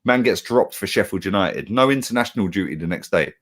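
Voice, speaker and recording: Young bloke, fired-up fan pundit, swearing freely, voice bouncing up and down. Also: male voice, low voice, brisk. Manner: animated, heated, swears, slangy. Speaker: football fan channel co-host. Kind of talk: casual football chat.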